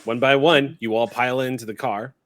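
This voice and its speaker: A man running a tabletop game as game master, narrating scenes in a relaxed, halting way with frequent restarts. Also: medium pitch, dry recording, studio quality.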